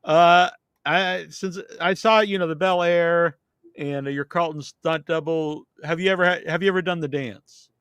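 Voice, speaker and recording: A man's voice: on the high side, fairly even intonation, normal speed, fairly bright tone, clean tone, no echo. A man hosting a podcast in casual chat, chatty and thinking aloud as he searches online. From Massachusetts. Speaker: podcast host.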